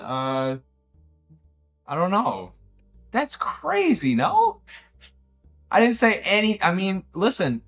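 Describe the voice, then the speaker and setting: A man streaming live, his voice leaping up and down as he reacts in disbelief and swears freely. He talks at an unhurried pace. Faint jazz plays behind him. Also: a little high. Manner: animated, swearing, incredulous outbursts. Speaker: livestreaming painter. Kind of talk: casual livestream chat. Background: background jazz music.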